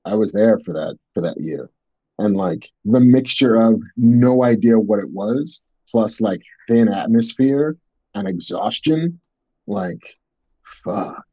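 A man co-hosting a podcast, chatting casually in a slow, drawn-out way. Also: fairly low pitch, lively intonation, mellow, slightly rough, no echo. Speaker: podcast co-host. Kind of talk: casual chat. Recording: slightly dull, dry sound.

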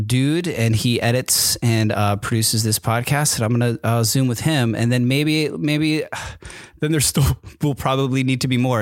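A man's voice: mid-range voice, no room sound, studio quality. Rambling man telling a story. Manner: rambling, with many fillers and restarts. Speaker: podcast host. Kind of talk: casual storytelling monologue. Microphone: microphone with camera.

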